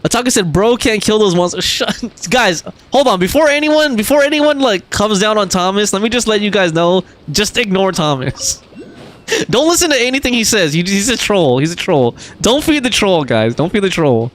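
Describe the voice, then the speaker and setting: A man's voice: sits high, big pitch swings, moderate pace, fairly bright tone. A man streaming a game, chatting casually and reading viewer messages aloud, with frequent laughs and fillers. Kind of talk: casual gaming livestream chat.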